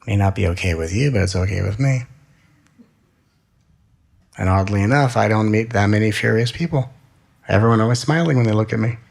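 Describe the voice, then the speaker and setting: A man giving a spiritual talk, gentle and soothing, with slow repeated phrases. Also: lowish voice, creaky. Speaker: spiritual teacher.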